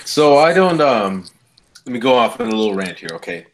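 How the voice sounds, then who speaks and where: A man's voice: medium pitch, big pitch swings, brisk, slight background noise. A man co-hosting a casual podcast, ranting heatedly with lots of swearing. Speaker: podcast co-host. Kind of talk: casual wrestling chat.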